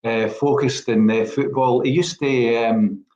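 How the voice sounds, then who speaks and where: A man's voice: medium pitch, steady tone, unhurried, a little mellow, reverberant, highs cut off. A Scottish man in his sixties from Glasgow, a former footballer telling rambling stories with many fillers in an interview. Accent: Glaswegian Scottish. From Scotland. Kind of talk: relaxed storytelling interview.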